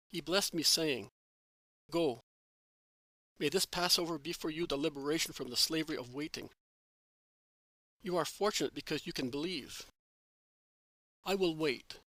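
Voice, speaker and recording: A man reading a calm, hopeful disciple. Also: on the high side, moderate pace, long pauses, dry recording, poor audio.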